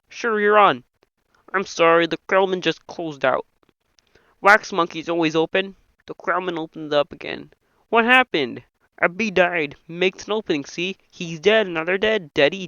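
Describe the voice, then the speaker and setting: A man doing an impression of a nasal, excitable male puppet frog, reading a whole film script aloud as every character. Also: high-pitched, moderate pace, clean tone, no echo. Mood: froggy reading. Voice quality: nasal, reedy. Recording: dull lo-fi dry home mic.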